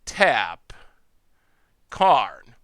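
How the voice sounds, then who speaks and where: A man's voice: medium pitch, sing-song, drawn-out words, a bit bright, dry recording, studio quality. A man streaming an online card game, thinking aloud in chatty commentary, laughing often and restarting his phrases. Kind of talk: live gameplay commentary.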